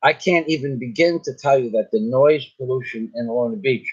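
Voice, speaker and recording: A man's voice: medium pitch, brisk, breathy edge. An older man telling a long story in a casual, rambling way, often repeating himself and restarting his sentences. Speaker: vlogger. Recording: slightly dull lo-fi sound.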